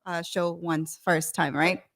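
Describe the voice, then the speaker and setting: A woman's voice: lowish voice, steady tone, takes it slowly, fairly bright tone. A woman co-hosting a casual panel chat in English, her second language, friendly and thoughtful. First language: not English. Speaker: co-host.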